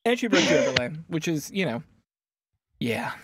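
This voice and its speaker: A man's voice: on the high side, moderate pace, very noisy. A man hosting a tabletop game stream, chatting casually and joking over a video call. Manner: animated, joking, rambling. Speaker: game master and stream host. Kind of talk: casual livestream chat.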